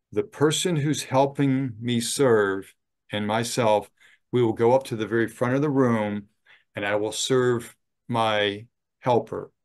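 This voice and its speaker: A middle-aged man, a chaplain, giving a slow, gentle training talk on ministry, with some fillers. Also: medium pitch.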